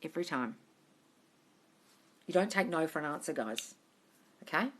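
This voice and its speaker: A woman's voice: low voice, lively intonation, moderate pace, breathy edge. A young woman reading viewer comments aloud and answering them on a live stream. She is frank and chatty, swears freely, and calls her viewers darling. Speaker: manifestation coach answering live questions. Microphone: phone at arm's length.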